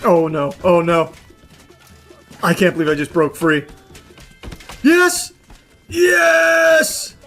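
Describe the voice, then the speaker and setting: A man giving let's-play commentary, yelling and swearing at the game, with dry low asides between outbursts. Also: lively intonation, extremely slow, long pauses, faint music behind. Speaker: gaming video host.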